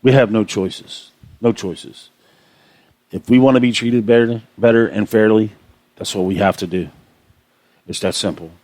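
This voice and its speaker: A man with a fairly low voice vents on his own radio show, repeating himself. He sounds outraged and impassioned. The recording is close and dry. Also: a little slow, pauses often, darkish tone, no room sound. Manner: impassioned, aggravated, repetitive. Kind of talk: ranting monologue.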